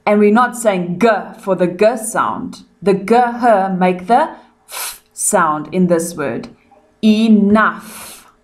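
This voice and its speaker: A South African woman teacher going patiently over tricky words in a recorded lesson, explaining each one clearly. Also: medium pitch, takes it slowly.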